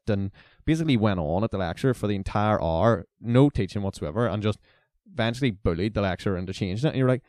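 A man's voice: on the low side, a little fast, few pauses, dry recording, clean studio sound. A man in his twenties, a university student telling stories in casual chat and leaning heavily on "like" and "basically". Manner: animated storyteller, leans on "like" and "basically".

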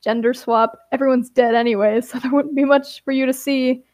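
A cocky edgy teenager, read by a woman, answering with a dismissive sigh in their voice. The voice sits high and the sound is dry and close, with no room around it. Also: fairly even intonation, a little fast, darkish tone, no room sound, lightly acted. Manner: sighing, dismissive. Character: cocky edgy teen skeleton stranger.

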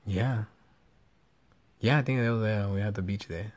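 A man's voice: lowish voice, moderate pace, darkish tone. A man in his twenties talks casually as a podcast host. His speech is loose and rambling, packed with fillers and swearing. He has a Californian accent. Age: 20s. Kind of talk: casual chat.

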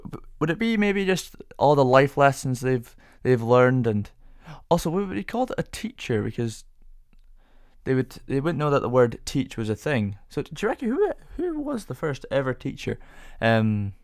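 A man's voice: medium pitch, big pitch swings, unhurried, no room sound, studio quality. A young man hosting a casual solo podcast, rambling through rhetorical questions with self-amused musing. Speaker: podcast host.

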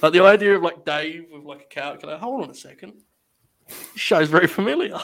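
Host, a bit higher voice, teasing and swearing, laughs a lot. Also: male voice, lively intonation, quick pace, vocal fry, fairly bright tone. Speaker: podcast host. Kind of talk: casual chat.

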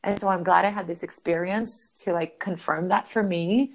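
A woman guest on a podcast telling a personal story in casual chat. She talks in an animated way, laughs often, swears casually and acts out her own thoughts in quotes. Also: fairly low pitch, normal speed.

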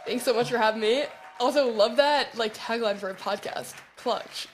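A woman's voice: fairly high pitch, moderate pace, slight background noise. A woman who makes tech videos, a podcast guest talking in an upbeat, casual way and often saying "like". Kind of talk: casual chat.

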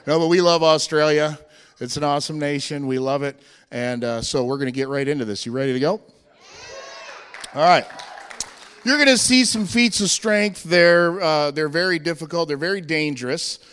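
An American man presenting a strength team show at a church, joking and shouting to rally the crowd over a handheld microphone. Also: a little high, lively intonation, normal speed, clear, resonant tone, in a large hall. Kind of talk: energetic church stage presentation. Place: church hall with live audience.

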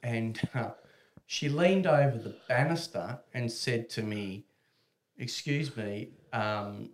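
A man spins a rambling, funny anecdote in a mid-pitched voice. He rises and falls in loudness as he acts out other people, and laughs into his own sentences. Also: expressive, measured pace, a little hiss or hum. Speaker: storyteller. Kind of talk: casual anecdote.

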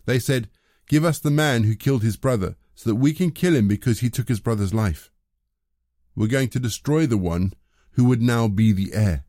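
A man reading the lines of a clever, earnest widow who pleads, in a measured, plain voice. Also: mid-range voice, dark tone, no room sound, clean studio sound, lightly acted.

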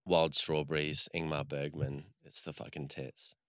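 Man, casual rambling chat, swears a lot, bright tone, smooth voice. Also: extremely low pitch, a little slow, no echo, clean studio sound. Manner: rambling, animated retelling with lots of fillers and swearing.

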